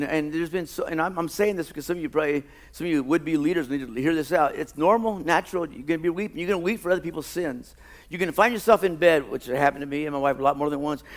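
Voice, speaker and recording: A male pastor delivering a sermon in a church, his voice a touch higher than most men's. He swings from loud, fervent preaching down to hushed, personal storytelling. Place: church sanctuary.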